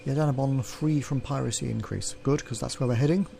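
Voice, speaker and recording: A man hosting a let's play, reading a text adventure aloud and clearing his throat often, with offhand asides. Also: mid-range voice, a little fast, mellow, slight background noise.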